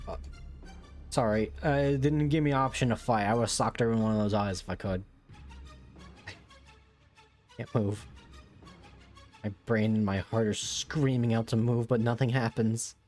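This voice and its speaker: A man's voice: medium pitch, normal speed, pauses often, a little mellow, soft background music. A man streaming a game, making casual, wry, sometimes profane comments and reading the story text aloud with drama.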